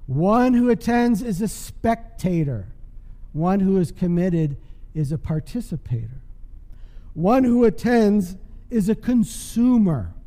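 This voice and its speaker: High-voiced preacher in a reverberant church. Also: male voice, sing-song, takes it slowly, dark tone. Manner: emphatic, call-and-response preaching. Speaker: pastor. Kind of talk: sermon. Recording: long hall reverb.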